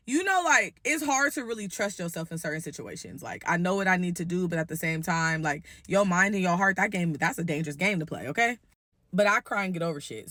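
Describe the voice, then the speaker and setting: A woman's voice: fairly low pitch, pushed and bright, dry recording, clean studio sound. Blunt, profane woman telling a story. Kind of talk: casual storytime vlog.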